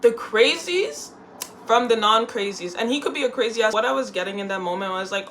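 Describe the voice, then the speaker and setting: A woman's voice: fairly high pitch, a little fast, a little hiss or hum. Chatty young woman telling a story. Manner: chatty and animated, full of "like" and "y'all". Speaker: vlogger. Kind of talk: casual sit-down storytime. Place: indoors at home, seated.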